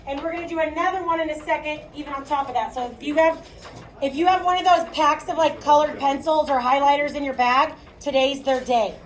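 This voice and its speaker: Her voice high-pitched, a little fast and fairly even in intonation, a Chicago-accented woman lectures a math class. She projects and keeps asking "okay?", captured by a distant mic in an echoey room.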